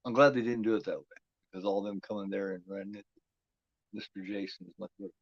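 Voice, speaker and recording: A man's voice: lowish voice, fairly even intonation, fast, vocal fry, no room sound. Guy cussing and chatting through a slasher watchalong, dull dry mic. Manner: chatty, profane, talks back at the screen. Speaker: watch-along commentator. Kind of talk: casual movie commentary.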